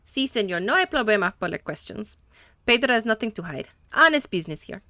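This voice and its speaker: A woman's voice: mid-range voice, very animated, pushed and bright, no room sound, studio quality. Woman doing a jittery mechanic with a mock Spanish accent. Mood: nervous. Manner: broken English, quick denials. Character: nervous male small-town mechanic.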